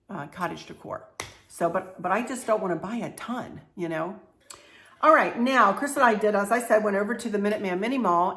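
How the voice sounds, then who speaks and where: A woman's voice: medium pitch, fairly bright tone. A middle-aged woman, talking through a home decor haul in a chatty, confiding way. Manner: chatty, confiding, laughs often. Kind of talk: casual show-and-tell haul video.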